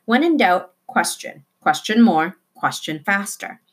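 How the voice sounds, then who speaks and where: Woman reading a children's chapter book. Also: mid-range voice. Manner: expressive, slowing for emphasis. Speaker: reader. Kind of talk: reading a children's novel aloud.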